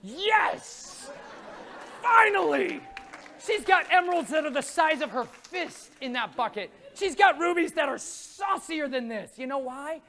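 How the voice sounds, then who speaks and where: A man preaching to a live conference crowd, his voice swooping up and down with animated, lively inflection. He tells stories with jokes and plenty of energy. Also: very high-pitched, normal speed, hardly any pauses. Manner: lively, jokey, acts out quoted voices. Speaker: conference speaker. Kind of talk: animated faith talk with storytelling. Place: conference room before a live audience.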